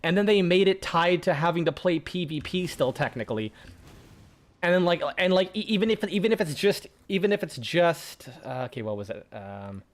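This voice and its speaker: Rambling, fairly high-voiced male streamer. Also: expressive, moderate pace. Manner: rambling, swears often, many restarts. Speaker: game streamer. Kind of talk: casual gaming chat.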